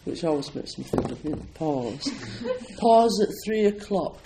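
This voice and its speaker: Scottish guy, zen priest doing a chill talk to a crowd, kinda high voice, lots of ums and you knows. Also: big pitch swings, unhurried, noisy background. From Scotland. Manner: chatty and self-deprecating, with frequent ums and you-knows and light laughter. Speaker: Zen meditation teacher, priest. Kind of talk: informal talk to an audience.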